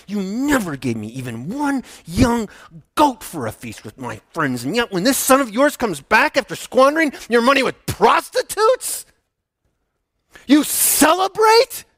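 A man's voice: very high voice, very animated, a little slow, a little hiss or hum, pitched above the performer's own voice, full character voice. A man voicing a resentful older brother who spits out his grievances through gritted teeth, in a sermon retelling. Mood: outraged. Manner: spitting words through gritted teeth, rising to angry shouts.

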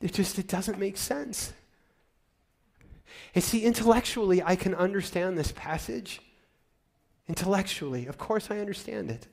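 This is a middle-aged man preaching a sermon in a high-pitched voice with vocal fry, at a moderate pace broken by long pauses. He shifts animatedly from loud excitement down to hushed, choked-up moments.

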